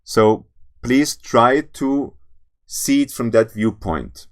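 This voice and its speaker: A man's voice: mid-range voice, animated, slow pace. A man giving a spiritual lecture, speaking earnestly and directly to his listeners, often restarting and repeating words as he goes. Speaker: spiritual teacher.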